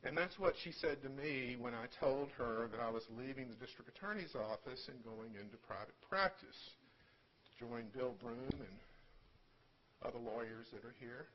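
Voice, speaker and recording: Older man, funeral eulogy, halting speech, mid pitch, slightly muffled recording. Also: slight background noise. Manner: halting, repeats words, gently humorous. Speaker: son giving a eulogy. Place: room at a funeral service.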